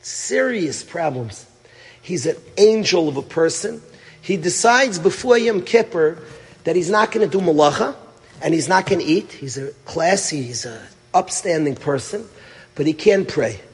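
A middle-aged man, a rabbi who teaches at a yeshiva, telling a story in a sermon, emphatic and full of rhetorical questions, swinging from loud to hushed. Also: on the high side, lively intonation, moderate pace, breathy edge, big-room sound.

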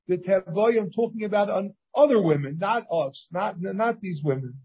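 Husky rabbi teaching a Talmud class. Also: male voice, sits high, moderate pace, lo-fi sound. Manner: reads Hebrew and Aramaic text and translates it, with many restarts.

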